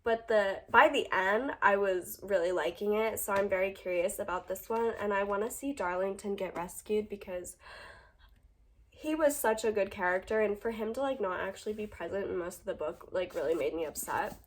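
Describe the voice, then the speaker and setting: Young woman gushing over her book haul at home, lots of ums and likes, middle pitch. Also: moderate pace. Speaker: book vlogger and teacher. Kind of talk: casual book haul chat. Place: indoors at home, under a ring light.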